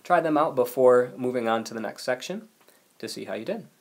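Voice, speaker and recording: A man's voice: mid-range voice, lively intonation, brisk. A man teaching a recorded video lesson, explaining rules patiently and reading example sentences aloud. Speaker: language teacher.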